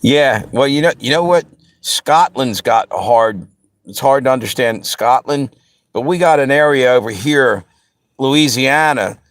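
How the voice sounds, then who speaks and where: A Pennsylvania and Delaware area man runs a live stream, chatting easygoingly with viewers and addressing the chat head-on as he rambles. His mid-range voice is unhurried, and there's no room sound.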